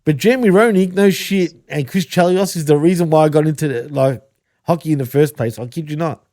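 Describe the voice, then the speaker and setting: A man's voice: fairly high pitch, brisk, darkish tone, no echo, studio quality. An Australian man co-hosting a podcast, chatting casually, swearing freely and laughing often. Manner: swears often, laughs a lot, says bro and dude. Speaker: podcast co-host. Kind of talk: casual chat.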